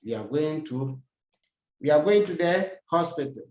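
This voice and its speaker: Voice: medium pitch, expressive, unhurried, darkish tone. Teacher drilling examples in a roomy space. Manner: repeats each example and translates it, with rhetorical questions to the learner. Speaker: language teacher. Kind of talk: recorded lesson. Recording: roomy echo.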